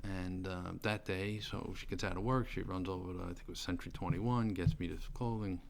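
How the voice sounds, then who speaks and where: A man's voice: low voice, fairly even intonation, brisk, gravelly. A middle-aged man, telling a personal story in casual, rambling speech full of fillers and restarts. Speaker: storyteller recounting his sentencing. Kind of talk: casual spoken testimony. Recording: faint background noise.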